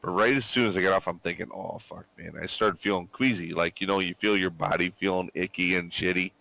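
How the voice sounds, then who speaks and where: A man's voice: sits low, fairly even intonation, fast, bright, forceful tone. A man in his forties telling a profane story in casual chat, swearing constantly and acting out quotes while still sick. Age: 40s. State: recovering from illness, coughing. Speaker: gamer chatting with squadmates.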